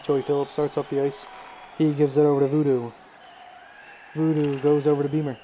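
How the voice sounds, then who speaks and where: A man's voice: a little high, some chatter behind, a little hiss or hum. A young man calling live play-by-play of a video game hockey match on a stream, running through passes and saves and lifting his voice on shots and goals. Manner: rapid play-by-play, rising excitedly on shots and goals. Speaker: play-by-play commentator.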